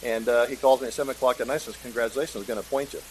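A middle-aged man telling a story in a casual interview, animated and acting out the voices of people he quotes. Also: mid-range voice, rapid-fire, slight background noise, poor audio. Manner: animated, acts out quoted voices, chuckles often. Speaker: guest, state senator.

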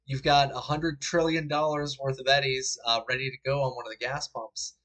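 A man narrating a tabletop game as game master in a relaxed, chatty way with frequent fillers. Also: mid-range voice, moderate pace.

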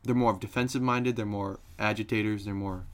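A man co-hosting a hockey podcast in casual chat, joking and getting animated when he argues a point. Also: fairly low pitch, fairly quick, clean tone. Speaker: podcast co-host.

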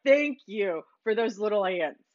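A woman's voice: medium pitch, expressive, unhurried, muffled recording, noisy background, natural voice. Woman doing a gushing grateful man. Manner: gushing, enthusiastic. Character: cheerful thankful grown man, gushing.

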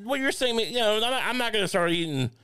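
A man's voice: high-pitched, animated, fast talker, pushed and bright, clear, resonant tone. A man co-hosting a comedy podcast, rambling and stammering through jokes and laughing at his own bits. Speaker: podcast co-host. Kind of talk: casual comedic chat.

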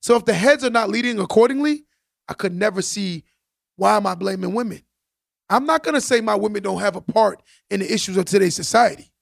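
Man, podcast host, emphatic and preachy, gravelly voice, dry close sound. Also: high voice, a little fast, no echo. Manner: emphatic, preachy, repeats phrases for stress. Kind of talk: casual podcast monologue.

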